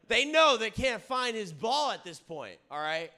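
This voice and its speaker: A man's voice: fairly high pitch, normal speed, hardly any pauses. Rowdy young man telling a story. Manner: rowdy, swearing, keeps saying "all right?" and "dude"; gets loud and excited at times. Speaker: comedy podcast host. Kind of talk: casual storytelling chat.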